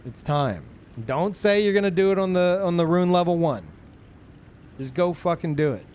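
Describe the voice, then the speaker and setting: A man's voice: high-pitched, lively intonation, moderate pace, darkish tone, a little hiss or hum. A young man streaming a game, chatting casually with viewers in a laid-back, profane, rambling way. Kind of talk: casual chat with stream viewers while gaming.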